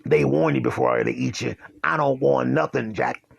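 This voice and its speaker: A man's voice: medium pitch, steady tone, moderate pace, creaky, breathy edge, dry recording. A man voicing a vicious male pit bull who growls out blunt threats. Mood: menacing.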